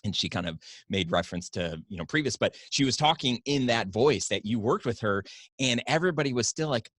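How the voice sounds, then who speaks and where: A man's voice: mid-range voice, animated, a little fast, a bit bright, no echo, studio quality. A man hosting a podcast, asking questions in a hesitant way with many restarts. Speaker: podcast host. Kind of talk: casual podcast interview.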